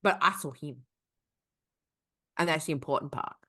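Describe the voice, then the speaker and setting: A woman's voice: sits low, normal speed, pushed and bright, husky. A young woman co-hosting a podcast, telling a story in casual, profane chat. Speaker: podcast co-host.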